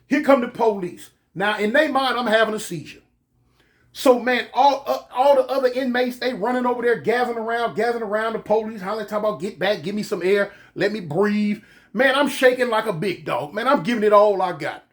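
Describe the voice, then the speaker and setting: A man casually telling a comic story from his own life, animated and full of street slang. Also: very high-pitched. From California. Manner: animated, slangy, drawn-out pauses.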